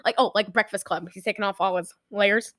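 A woman's voice: medium pitch, fairly quick, a little hiss or hum. A woman in casual chat, animatedly retelling a movie plot and slipping into the characters' lines. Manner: chatty, animated retelling with quoted character voices.

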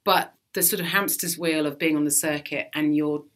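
A woman comedian with a low-set voice and a bright, forceful edge, chatting casually in an interview. She tells her stories with relish, swears freely and acts out what other people said. The talk stays loose and conversational. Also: normal speed. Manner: lively storyteller, swears freely, acts out quotes. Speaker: stand-up comedian.

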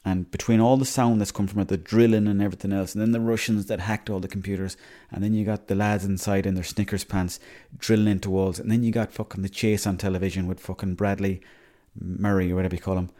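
A young Irish man talks through his week on a solo podcast, wandering from story to story and cursing freely. His voice sits a little low and comes across mellow and soft-edged. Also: flat delivery, fast, few pauses. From Ireland. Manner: rambling, chatty, swears freely. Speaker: podcast host. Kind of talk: casual solo podcast monologue.

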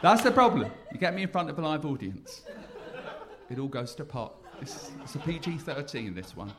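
A man's voice: a little high, very animated, normal speed, crowd noise. A man hosting a podcast, bantering cheekily in casual chat. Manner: cheeky, mock-boastful banter. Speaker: podcast host. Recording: noisy background.

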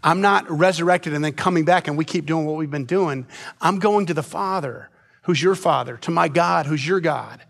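A man pastor giving a conversational sermon, often restarting his sentences and dropping soft and low at tender moments. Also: moderate pace, gravelly.

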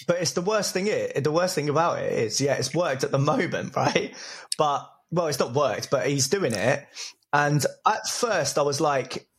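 A man with a fairly high voice co-hosts a casual podcast. He laughs often and retells moments with quoted reactions. His intonation bounces around a lot. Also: expressive, normal speed. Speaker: podcast co-host. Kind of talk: casual chat reviewing reality TV.

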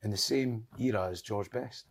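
Husky Scottish man telling stories. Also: fairly low pitch, normal speed. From Scotland. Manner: lively anecdotes, swearing, laughing often. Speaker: guest. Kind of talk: casual storytelling on a podcast.

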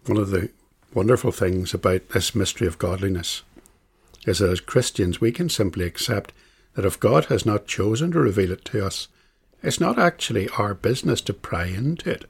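Husky gravelly guy teaching a bible class, slow and emphatic, repeats lines to hammer a point. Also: on the low side, animated. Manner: measured, emphatic, uses repetition for stress. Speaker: catechism teacher.

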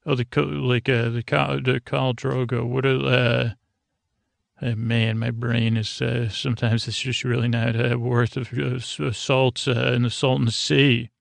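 A man's voice: medium pitch, little pitch movement, unhurried, vocal fry, dry recording. A male podcast host giving a casual, rambling recap of a TV episode and often correcting himself mid-sentence. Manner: rambling, loose, self-correcting.

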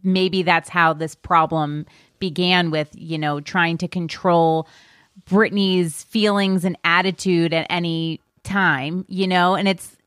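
A woman host talks casually with a guest in a lowish voice, thinking aloud. The recording is dry and close. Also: fairly bright tone, no echo. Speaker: podcast host. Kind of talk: casual chat.

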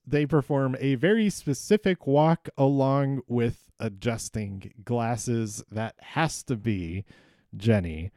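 A man's voice: medium pitch, mellow, no echo, studio quality. A man hosting a podcast, recapping an episode in casual solo talk, rambling and hesitant with many ums and restarts. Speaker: podcast host.

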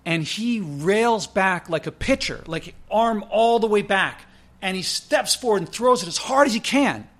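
Man, casual storyteller, somewhat high voice, chatty with fillers and restarts. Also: a little slow. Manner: conversational, many "like" fillers and self-corrections; lively, pitch jumps when quoting others. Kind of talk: casual spoken anecdote.

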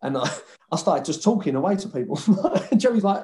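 A man's voice: fairly high pitch, lively intonation, brisk, background noise. A man telling rowdy stories about his football days in a casual chat, swearing freely and laughing often. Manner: swears a lot, laughs often, mimics others. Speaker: former footballer guest.

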